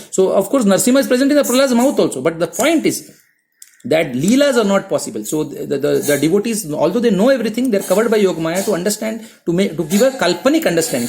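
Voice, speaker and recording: A man giving a devotional lecture on scripture in an animated way, often restarting his sentences. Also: sits high, a little hiss or hum. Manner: animated, acts out quoted voices, many restarts. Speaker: spiritual teacher.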